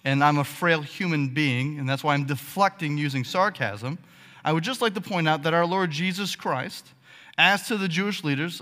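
Male pastor, sermon, animated, sarcastic, bright forceful voice, long hall reverb. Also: a little high, moderate pace. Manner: animated, sarcastic, conversational with frequent "okay?" tags.

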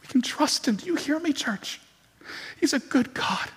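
A man's voice: very high-pitched, lively intonation, normal speed, fairly bright tone. A man preaching a dramatic, impassioned sermon as pastor to his church. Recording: long reverb from a large hall.

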